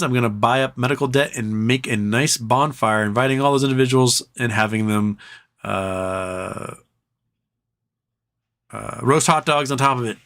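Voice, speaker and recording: Casual and profane, a man hosting a livestream jokes around as he reads viewers' comments aloud. His voice is medium-pitched and fairly bright.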